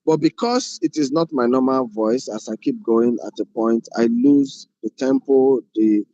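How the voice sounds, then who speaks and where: A man teaching a film class, his voice dark and mellow. The sound is dull and lo-fi in a dry room. He repeats phrases and poses questions as he explains. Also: medium pitch, a little slow, dry recording. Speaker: film directing instructor. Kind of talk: classroom lecture.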